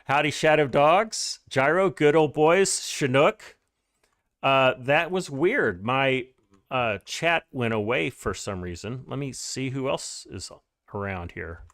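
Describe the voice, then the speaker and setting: A man's voice: medium pitch, takes it slowly, a bit bright, dry recording. A man talking loosely into his stream while he plays a farming game, stopping to greet his chat with a friendly "howdy" and trailing off mid-sentence. His voice sits in an ordinary middle register. The sound is close and dry, with no room around it. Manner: chatty, greets viewers with "howdy", rambling restarts. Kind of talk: casual live-stream gaming commentary.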